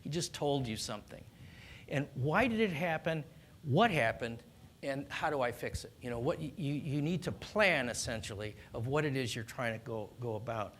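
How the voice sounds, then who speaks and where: A man speaking as a doctor, calmly explaining how parents should handle their child's tantrums, earnest and instructive. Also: mid-range voice, moderate pace, slight background noise. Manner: calm, earnest, instructive, with small restarts. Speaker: doctor giving parenting advice. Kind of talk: explanatory talk on child discipline.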